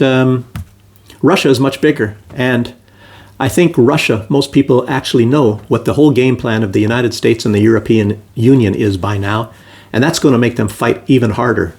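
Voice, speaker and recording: Gravelly rambling male commentator. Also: mid-range voice, darkish tone. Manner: rambling, many fillers and restarts. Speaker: political commentator. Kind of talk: casual political commentary monologue. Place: Belarus.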